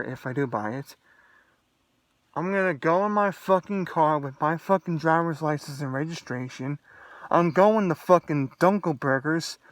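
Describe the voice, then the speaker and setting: A young man delivers an agitated, expletive-heavy monologue straight to the viewer. His voice sits fairly high, and the recording is dry with no room echo. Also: a bit bright. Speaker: vlogger. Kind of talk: angry solo rant to camera.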